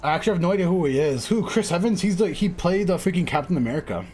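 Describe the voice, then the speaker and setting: Brief: young male streamer, lively, self-mocking rambler, slightly high voice. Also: rapid-fire, faint music behind. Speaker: game streamer. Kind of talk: casual live-stream chat.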